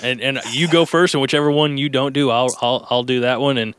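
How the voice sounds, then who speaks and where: Bright, crisp-voiced male host. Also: medium pitch, steady tone, a little fast, dry recording. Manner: chatty, joking, rambling with restarts. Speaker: radio host. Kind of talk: casual recorded chat. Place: studio alone, headphones. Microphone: studio mic with headphones.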